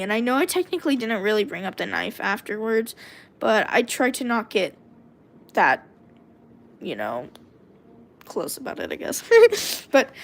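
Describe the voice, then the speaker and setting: A woman's voice: a little high, gravelly. A woman streamer reading her own first-person story aloud, talking casually and breaking off for asides to her viewers. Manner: casual, with self-corrections and asides to chat.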